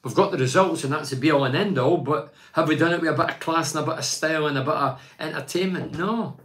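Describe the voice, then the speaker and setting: In a casual fan chat, an older man with a slightly high, somewhat bright voice talks football quickly and loosely, handing out blunt verdicts and drifting onto tangents. He reads fan messages aloud and replies in his own plain, opinionated way, rambling and restarting as he goes.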